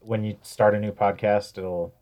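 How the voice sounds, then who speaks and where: A man co-hosting a casual podcast, joking and reacting quickly to his friends. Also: fairly low pitch, little pitch movement, darkish tone. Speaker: podcast co-host. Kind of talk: casual chat.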